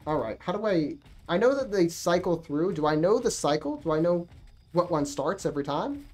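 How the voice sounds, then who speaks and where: A woman streamer talking to herself through a game, profane and animated, thinking aloud. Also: lowish voice, normal speed. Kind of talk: gaming livestream commentary.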